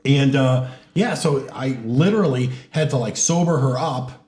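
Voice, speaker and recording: A man telling a crude, animated story in a casual podcast chat. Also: mid-range voice, moderate pace. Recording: echoey room.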